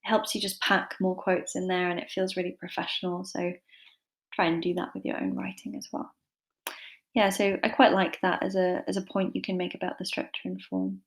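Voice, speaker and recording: A woman tutors English literature in a relaxed, chatty way, sprinkling in fillers and self-deprecating asides. Her voice sits fairly low and stays flat, with little rise and fall. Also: a little fast. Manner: chatty and informal, with many fillers. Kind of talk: casual online lesson.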